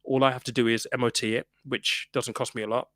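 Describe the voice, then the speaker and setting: A man talks through money questions in a relaxed, chatty way. He laughs often, restarts his sentences, and calls people "mate." The sound is dry and close, with a mid-range voice. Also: medium pitch, quick pace, no room sound. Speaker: personal finance host reading viewer comments. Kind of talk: casual live-stream chat.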